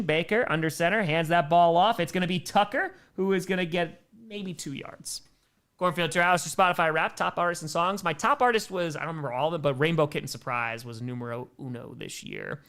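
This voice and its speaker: A young man doing live play-by-play of a football game while chatting casually with viewers, shouting on big plays. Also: high-pitched. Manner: casual, answers viewer chat between plays, bursts of excitement on big plays. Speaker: livestream play-by-play commentator. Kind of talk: live play-by-play and chat reactions.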